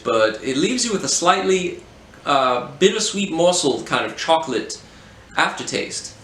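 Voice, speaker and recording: A man's voice: on the high side, fairly bright tone, heavily acted. A man putting on a hammy posh beer snob. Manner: theatrical, savoring pauses. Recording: roomy echo, faint hum.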